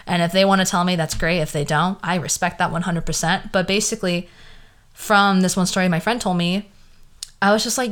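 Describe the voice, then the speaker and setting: Her voice sits on the low side, smooth and fairly bright, with brisk delivery and fairly even intonation. She's a San Fernando Valley, California woman in her 20s with a Valley girl accent, rambling through a casual solo podcast she hosts, using "like" constantly in a questioning tone.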